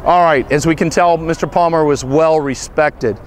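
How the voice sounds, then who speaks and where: A man's voice: a little high, fairly even intonation, normal speed, a little hiss or hum. A man from western Pennsylvania hosting a sports talk show, telling folksy stories in a scripted tribute. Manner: folksy storytelling, upbeat.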